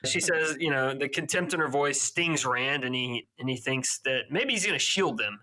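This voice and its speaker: Man, podcast co-host, casual book recap, bright forceful voice, quick character voices. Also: medium pitch, poor audio. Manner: retells scenes with quick put-on character voices.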